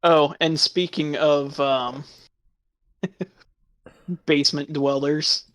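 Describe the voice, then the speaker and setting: A man's voice: a little high, steady tone, drawn-out words, fairly bright tone. A man chatting casually, laughing often through crude, sarcastic remarks. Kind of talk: casual chat.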